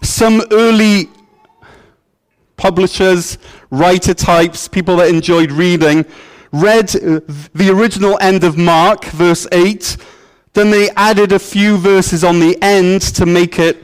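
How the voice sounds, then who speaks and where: A man's voice: high-pitched, steady tone, slow pace, long pauses, clear, resonant tone. A man preaching a sermon as pastor, in a playful, joking storytelling manner. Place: church.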